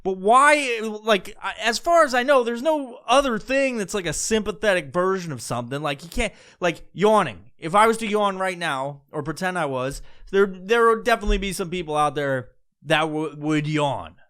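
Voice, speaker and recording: A man's voice: high voice, animated, normal speed, fairly bright tone, smooth. A man doing a profane, rambling comedic rant as a podcast host.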